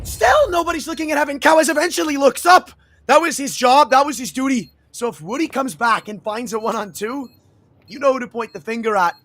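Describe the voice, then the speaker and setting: A man calling play-by-play as an esports caster, excitable and full of jokey banter. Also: very high-pitched, a little fast. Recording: audible background noise.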